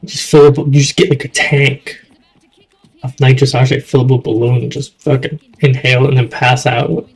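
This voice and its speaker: A man's voice: medium pitch, flat delivery, moderate pace, rough recording. A young man in casual chat, rambling and swearing, often trailing off mid-thought. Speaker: streamer.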